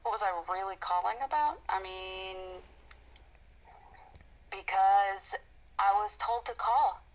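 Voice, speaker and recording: A woman calling in to a live show over the phone, relaxed and joking. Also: medium pitch, slow pace, a little hiss or hum. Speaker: caller. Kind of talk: casual phone call. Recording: tinny phone line.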